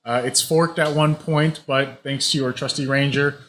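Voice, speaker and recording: A man's voice: mid-range voice, fairly even intonation, moderate pace, fairly bright tone, a little hiss or hum. A young man running a tabletop game, explaining rules and describing scenes in a loose way with many fillers. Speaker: game master.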